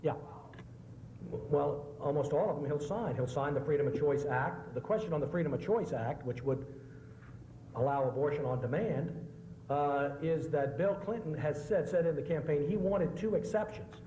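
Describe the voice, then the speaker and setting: A man's voice: fairly high pitch, normal speed, dark tone. A middle-aged American man, a political journalist, giving a public lecture, telling jokes and answering questions in a conversational way. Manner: conversational storytelling with joke punchlines. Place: lecture hall. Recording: echoey hall with faint hiss.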